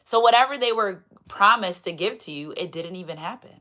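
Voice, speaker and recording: Woman tarot reader on a live stream, animated and playful, casual asides. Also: mid-range voice, brisk.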